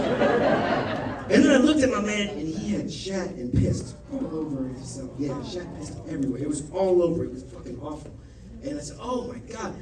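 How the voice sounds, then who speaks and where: A man's voice: high-pitched, noisy background. A man doing stand-up, telling a loose, profane story with lots of asides to a laughing club audience. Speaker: stand-up comedian. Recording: echoey club recording from a distance, crowd laughter.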